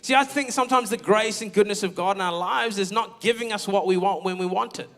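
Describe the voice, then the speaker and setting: Speaking briskly in a high-pitched, somewhat bright voice, a young man preaches in a church auditorium. The pastor shares an honest, self-deprecating personal story peppered with quoted asides.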